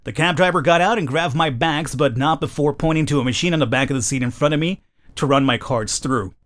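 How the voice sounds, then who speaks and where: A man's voice: on the high side, fairly quick, fairly bright tone. A man hosting a let's play, reading a story game aloud and breaking off for joking, self-mocking asides. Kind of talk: reading a visual novel aloud with jokey asides.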